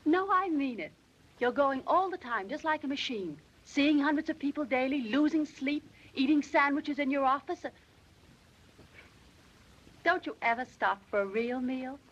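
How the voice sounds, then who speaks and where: A sweet, earnest young clerk. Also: female voice, sits high, lively intonation, moderate pace. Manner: soft, caring, earnest. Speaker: new employee in a film. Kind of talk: 1930s film acting. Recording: dull old 1930s film soundtrack.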